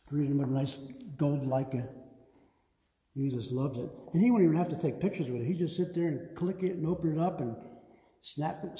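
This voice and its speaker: Man, museum owner, relaxed rambling storyteller, very dark tone, echoey hall with long reverb. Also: fairly high pitch. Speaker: museum owner giving a tour. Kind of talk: casual storytelling on a tour. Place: large museum gallery indoors.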